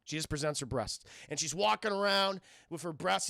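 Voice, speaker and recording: A man with a bright, heavily gravelly voice talks his viewers through a film scene by scene. He rambles, swears freely and jumps all over his high range. The close mic sounds dry. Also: moderate pace, hardly any pauses, no room sound. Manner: animated, profane, rambling with many fillers. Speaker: streamer reviewing films. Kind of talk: casual scene-by-scene recap to a live chat.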